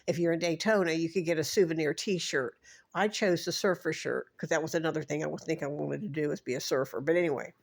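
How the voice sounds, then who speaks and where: A woman's voice: deep voice, fairly even intonation, fast, creaky. A woman in her sixties telling a rambling personal recollection, wandering through names and details and restarting her sentences as she goes.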